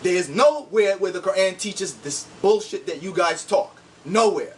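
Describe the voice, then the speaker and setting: Combative high-voiced man ranting from afar. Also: moderate pace, recorded from a distance, a little hiss or hum. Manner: combative and insulting, repeats "see?". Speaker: online commentator. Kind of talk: heated video rant.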